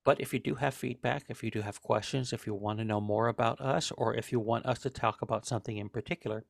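A man's voice: mid-range voice, fairly even intonation, fast talker, vocal fry, no echo, studio quality. A man co-hosting a podcast in casual chat, repeating himself and teasing his co-host.

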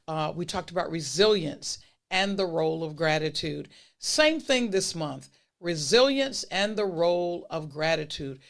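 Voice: medium pitch, creaky. Encouraging podcast host repeating key phrases. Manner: steady, unhurried delivery with list-style points. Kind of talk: motivational holiday message to listeners.

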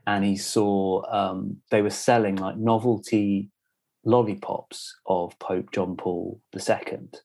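Man, young adult, low voice, casual podcast banter, rambling. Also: flat delivery, takes it slowly, gravelly, darkish tone. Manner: rambling, filler-heavy banter. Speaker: podcast co-host. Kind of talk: casual chat.

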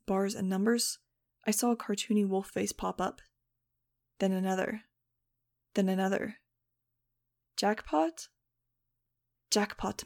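A woman's voice: medium pitch, creaky, darkish tone. Wry woman narrating an audiobook. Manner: wry, sardonic. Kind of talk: first-person audiobook narration.

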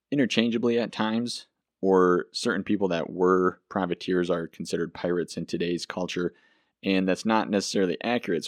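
A man's voice: low-pitched, no echo, clean studio sound. A man hosting a casual solo history podcast, chatty and enthusiastic, with some self-deprecating asides. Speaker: podcast host.

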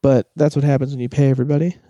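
A man's voice: medium pitch, flat delivery, racing, mellow, dry recording. A man co-hosting a casual sports chat, ranting animatedly and swearing freely. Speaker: podcast co-host.

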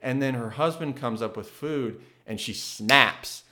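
An earnest man in an ordinary middle register shares his thoughts in a casual, reflective monologue. He thinks aloud and often restarts his sentences. He grows lively when he tells a story. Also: mid-range voice, unhurried.

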